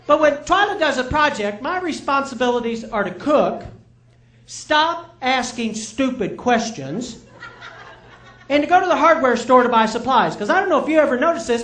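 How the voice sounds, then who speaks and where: A middle-aged stand-up comedian with an extremely high, fairly bright voice performs live on a comedy club stage. He tells chatty, self-mocking stories and checks in with the crowd. The recording has a roomy live club sound.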